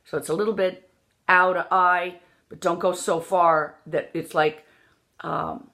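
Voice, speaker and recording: A woman's voice: fairly low pitch, fairly even intonation, measured pace, vocal fry, fairly bright tone. A woman teaching an accent lesson as a dialect coach, demonstrating sounds and repeating words to drill them.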